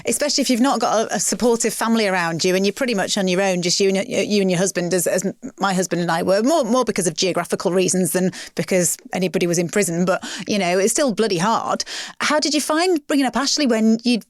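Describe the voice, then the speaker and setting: A woman hosting a podcast interview, asking gentle, hesitant questions with restarts. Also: medium pitch, fast, dry recording, studio quality. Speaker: podcast host. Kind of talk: interview conversation.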